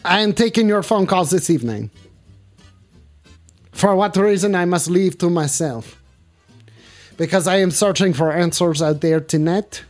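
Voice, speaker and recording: A man doing a hammy mock-French host. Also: high-pitched. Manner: hammy, broken French phrases, slow and grand. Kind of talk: live-stream phone-in bit.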